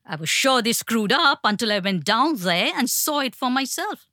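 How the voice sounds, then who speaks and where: A woman voicing an enraged, violent middle-aged father who shouts his threats in an audiobook reading. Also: on the high side, very animated, normal speed, no echo, studio quality. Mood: raging.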